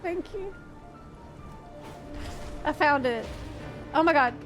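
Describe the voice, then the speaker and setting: A young woman streamer giving casual, excitable commentary while gaming, chatty and swearing now and then. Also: sits high, takes it slowly, soft background music.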